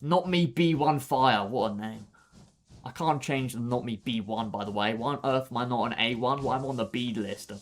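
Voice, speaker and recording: A man's voice: mid-range voice, moderate pace. A young man streaming a game live, joking, bragging and chatting back to his viewers in a casual way. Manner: joking, boastful, answering chat. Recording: clear background noise.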